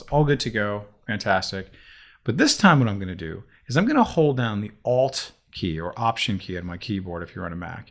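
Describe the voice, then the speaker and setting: A man teaching software in a chatty, animated way, talking himself through each step of a screen-recorded tutorial. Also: fairly low pitch, vocal fry.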